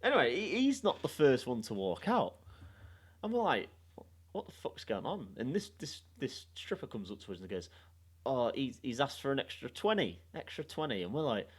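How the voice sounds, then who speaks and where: A young man hosting a podcast, telling a story in a sweary, animated way and laughing along. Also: mid-range voice, moderate pace, breathy edge. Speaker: podcast host. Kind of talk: casual storytelling chat.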